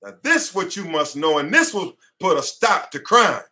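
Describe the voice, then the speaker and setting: Man, attorney teaching a class, high-pitched, bright and forceful, preacher-like repetition, sweating. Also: sing-song, normal speed. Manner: fiery, preacher-like, repeats phrases for emphasis. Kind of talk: impassioned online class lecture. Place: his headquarters office.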